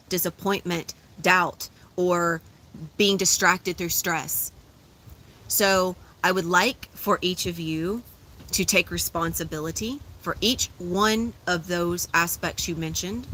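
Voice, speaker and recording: A woman leading a guided meditation, giving slow, soothing, repetitive instructions and affirmations. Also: on the low side, bright, forceful tone, slight background noise. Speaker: spiritual guide.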